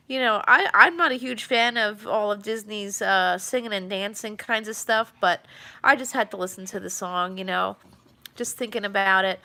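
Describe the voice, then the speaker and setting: A woman's voice: mid-range voice, gravelly, bright, forceful tone. A woman chatting casually on a live stream, rambling with many fillers and restarts. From New York.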